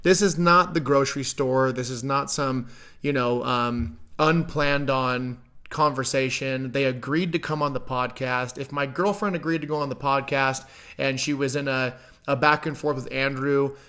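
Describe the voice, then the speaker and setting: A man's voice: mid-range voice, fairly even intonation, moderate pace, pushed and bright, clean tone. A man giving reaction commentary on a debate clip, conversational and emphatic, full of rhetorical questions.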